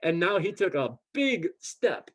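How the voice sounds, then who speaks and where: A man recounts a story in relaxed conversation, speaking in a fairly high voice. He slips into the voices of the people he quotes. His sentences often restart with repeated words. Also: measured pace. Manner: animated, acts out quoted dialogue. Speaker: guest. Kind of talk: casual storytelling chat.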